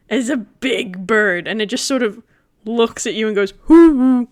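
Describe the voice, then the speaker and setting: Woman, game master, tabletop narration, giggly, rambling, playful sound effects, mid pitch. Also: measured pace.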